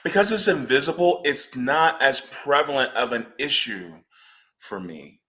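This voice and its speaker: A man's voice: medium pitch, very animated, a little slow, pushed and bright. A man speaking on a panel discussion, emphatic and blunt, swearing freely when he gets fired up.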